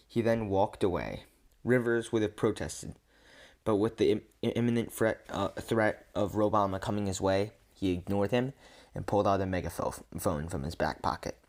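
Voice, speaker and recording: Deadpan man stumbling through a story. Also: lowish voice, normal speed. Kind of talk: reading an absurd comic story.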